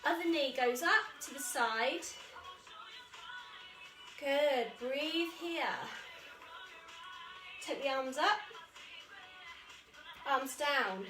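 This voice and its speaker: A woman with an English accent guiding a children's yoga class, calling out moves in a gentle, encouraging way. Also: high-pitched, very slow, pauses often. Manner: encouraging, gentle, calls out moves while exercising. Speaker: kids yoga instructor. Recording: echoey room, voice from a distance, soft music.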